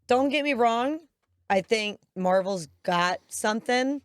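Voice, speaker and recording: A woman co-hosting a movie podcast, chatting in a lively, animated way. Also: fairly high pitch, takes it slowly, no room sound, clean studio sound. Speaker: podcast co-host. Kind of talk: casual podcast chat.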